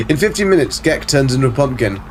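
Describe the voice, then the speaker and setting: A man's voice: mid-range voice, sing-song, fast talker, a little hiss or hum. A middle-aged man on a casual live game stream, answering chat and muttering to himself as he plays.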